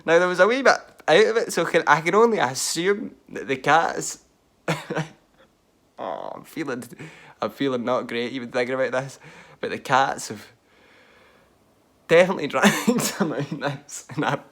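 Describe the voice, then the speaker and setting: A man's voice: mid-range voice, animated, moderate pace, pauses often, fairly bright tone. A young man telling a self-mocking story in casual style, often laughing. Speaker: vlogger.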